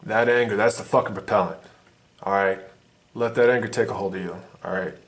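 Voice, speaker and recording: Intense, profane man with a low voice. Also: fairly even intonation, a little fast. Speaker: vlogger. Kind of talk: blunt motivational monologue.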